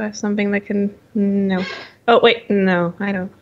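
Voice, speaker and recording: A woman's voice: medium pitch, little pitch movement, normal speed, highs cut off. Hesitant woman player in an online game. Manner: hesitant, thinks aloud. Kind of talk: casual tabletop game chat.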